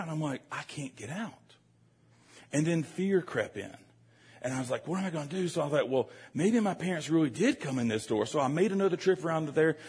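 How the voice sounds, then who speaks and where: Husky-voiced preacher telling a story. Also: male voice, a little high. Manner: animated, joking, addresses the congregation directly. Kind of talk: storytelling sermon.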